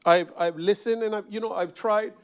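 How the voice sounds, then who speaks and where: A man's voice: high voice, steady tone, normal speed. A man from Sint Maarten, a member of parliament, giving an emphatic parliamentary speech with repeated phrases and rhetorical questions. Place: parliament chamber.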